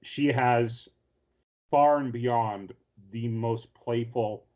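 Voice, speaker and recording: A man's voice: medium pitch, fairly even intonation, very slow, darkish tone. A man on a casual podcast recapping an anime episode in a rambling way, full of ums and restarts. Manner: rambling, filler-heavy storytelling with many restarts. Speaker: podcast co-host.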